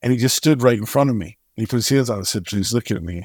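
Brief: middle-aged male guest, mid-pitched, vivid storyteller voicing the people in his story, dry close sound. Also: racing, husky, no room sound. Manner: animated storyteller who acts out dialogue. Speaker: charity co-founder and guest; singer-songwriter. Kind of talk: storytelling in a podcast interview.

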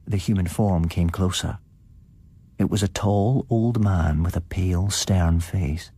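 Low, husky male storyteller. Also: unhurried, dark tone, dry recording. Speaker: podcast host and story reader. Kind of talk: dramatic storytelling narration.

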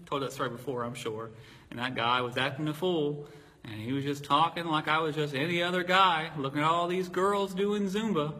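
A man's voice: fairly high pitch, sharp tone, in a large hall. A man from Virginia preaching a sermon, telling personal stories in a casual, joking way. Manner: conversational, jokey storytelling.

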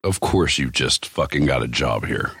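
Podcast co-host, male: deep husky voice, swings wide when telling stories, crude and blunt, dry room. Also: normal speed, no echo. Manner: profane, animated storyteller. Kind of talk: casual chat.

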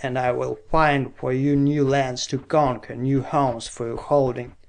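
A man's voice: medium pitch, level tone, unhurried, creaky, darkish tone. A man reading an audiobook, voicing a stern male scientist leader who addresses the world in a declamatory way. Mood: commanding. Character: commanding male scientist leader calling for war.

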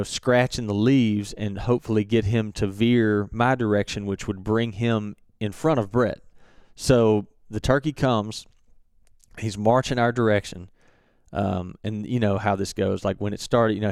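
A young man telling a hunting story in a relaxed, halting way with many fillers and restarts. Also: fairly low pitch, clean tone, dry recording, studio quality. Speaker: turkey hunter recounting a hunt. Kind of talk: casual storytelling.

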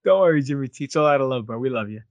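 A man's voice: mid-range voice, lively intonation, rapid-fire, dry recording, muffled recording. A man co-hosting a casual podcast, rambling and joking with plenty of fillers. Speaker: podcast co-host.

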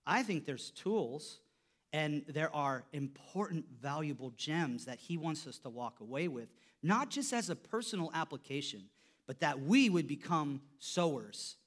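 A man preaching a sermon, telling a story, his voice dropping soft for quotes and rising when he stresses a point. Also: very animated, measured pace. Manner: storytelling, voice drops low for quoted lines and rises when emphatic. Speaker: pastor.

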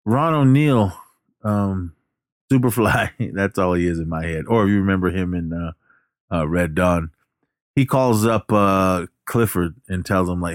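Casting: low-voiced guy, laid-back rambling recap, dry close sound. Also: a little slow, dry recording. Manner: rambling, loose, swears, lots of fillers. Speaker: movie recapper. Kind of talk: casual plot retelling.

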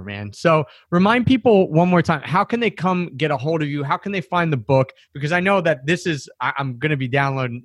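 A man's voice: fairly high pitch, no room sound, studio quality. A male podcast host thanking his guest and wrapping up in an upbeat, encouraging way. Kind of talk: casual interview chat.

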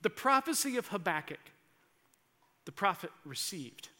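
Preaching with great earnestness, a pastor leans into impassioned emphasis, repeatedly restarting what he says. He is very animated but keeps a measured pace, his high voice bright and ringing.

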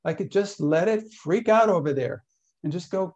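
Mellow man teaching with anecdotes. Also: high voice, normal speed, dull audio. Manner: loose, anecdotal, with acted-out inner voices. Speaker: workshop leader. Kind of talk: teaching talk.

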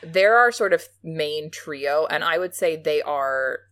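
A woman's voice: low-pitched, animated, slow pace, fairly bright tone. A woman co-hosting a podcast, chatting casually and animatedly about a film, often laughing. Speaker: podcast co-host.

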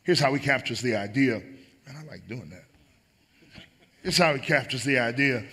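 A man's voice: medium pitch, animated, moderate pace, pauses often, fairly bright tone, breathy edge. A man preaching a sermon as pastor, emphatic and building on repeated phrases.

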